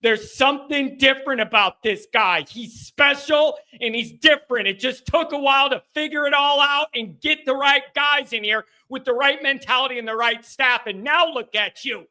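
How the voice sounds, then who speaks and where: A man hosting a live postgame fan call-in stream, talking emotionally and excitably and sometimes shouting. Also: extremely high pitch, moderate pace, few pauses. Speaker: host of a fan call-in show.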